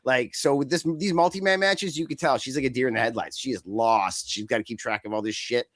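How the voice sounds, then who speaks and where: A man co-hosting a casual wrestling podcast, rambling and joking, slipping into quick silly voices. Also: medium pitch, fairly bright tone, no room sound, studio quality. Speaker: podcast co-host.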